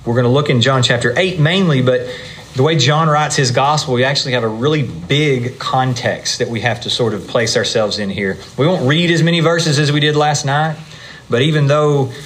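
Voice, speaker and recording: A man's voice: medium pitch, normal speed, fairly bright tone, a little hiss or hum. Man teaching a Bible lesson. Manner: conversational, explaining with asides and fillers. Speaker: preacher.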